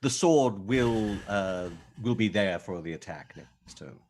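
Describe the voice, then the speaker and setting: A man's voice: on the low side, expressive, measured pace, darkish tone, slight background noise. A man playing a tabletop game who explains his moves hesitantly. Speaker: player. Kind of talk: casual game chat.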